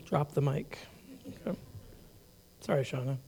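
A male pastor delivering a sermon in a loose, conversational way, doubling back on words and tossing in quick asides. His voice sits high for a man and carries a gravelly fry. He keeps the delivery informal even as he works through the passage.

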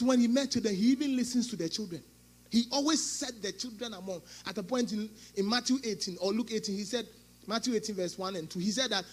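Pastor man preaching, kinda high voice, gets loud then drops quiet, acts out quotes. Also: husky. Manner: preaching with sudden loud outbursts and acted quotes. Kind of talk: sermon.

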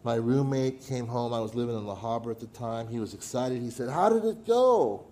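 A middle-aged man preaching a sermon, telling a personal story with dramatic pauses and sudden drops to a hush. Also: medium pitch, fairly even intonation. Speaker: pastor.

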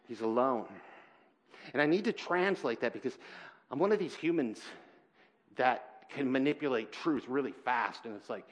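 A man preaching a sermon in church, earnest and halting, swinging between loud emphasis and quiet, heavy moments. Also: mid-range voice, expressive. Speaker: pastor.

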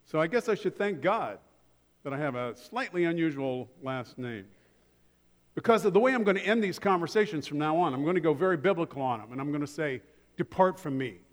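A man preaching from the pulpit in a relaxed, conversational style, leaning on wry everyday anecdotes to drive his points home. His voice sits a little higher than most men's and carries a long reverb tail from a large sanctuary. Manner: conversational preaching with humorous asides. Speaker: pastor. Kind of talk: sermon.

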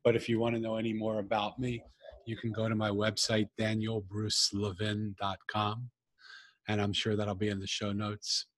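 A man with a low, husky voice, speaking as an author and guest on a podcast. He talks in a calm, earnest, measured way, as if he is trying to inspire. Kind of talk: reflective conversational talk.

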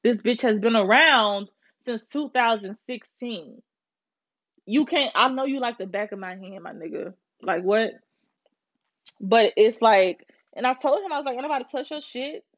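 A woman's voice: a little high, measured pace. A woman in her twenties hosting a podcast, telling a story in a casual, profanity-filled rant to her listeners. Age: 20s. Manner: profane, animated venting to listeners. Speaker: podcast host. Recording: slightly muffled with faint music.

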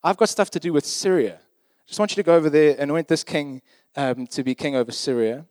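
A man's voice: fairly high pitch, a little fast, a little mellow, no echo. A man preaching a sermon in a conversational, emphatic way, often checking in with his listeners.

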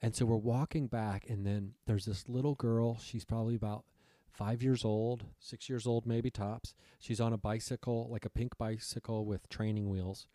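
A man's voice: on the low side, steady tone, moderate pace, dark tone, no echo, clean studio sound. A man telling a long rambling story in casual chat, swearing freely and acting out what people said.

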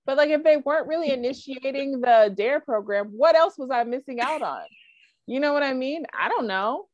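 A woman co-hosting a podcast in casual chat, animated and full of asides. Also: sits high, moderate pace, no echo. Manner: animated, with frequent likes and asides. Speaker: podcast co-host. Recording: dry, dull lo-fi sound.

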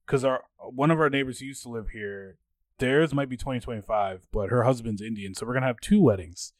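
A young man co-hosting a podcast chats casually at a brisk pace in a medium-pitched voice, with no room sound. He's an animated storyteller who acts out what his friends said.

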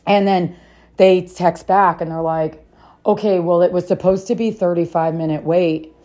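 A woman's voice: lowish voice, darkish tone. A woman in her thirties telling a story casually to camera, laughing often and acting out the voices of the people she quotes. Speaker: parenting vlogger.

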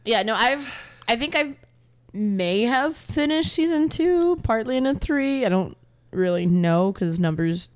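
A woman co-hosting a podcast in casual chat, giggling and halting as she talks. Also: fairly high pitch, lively intonation, a little hiss or hum. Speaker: podcast co-host.

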